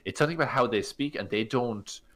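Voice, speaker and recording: A man's voice: medium pitch, quick pace, fairly bright tone. A man co-hosting a tabletop gaming podcast, chatting casually and rambling with many fillers. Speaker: podcast co-host. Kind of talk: casual chat.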